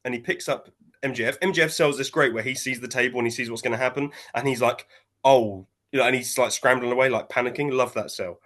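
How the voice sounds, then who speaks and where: A man, co-hosting a casual wrestling chat and retelling a match in an animated way, jumping into quoted voices. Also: medium pitch, fast. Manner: animated storytelling, acting out quotes in shifting voices. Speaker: wrestling podcast co-host.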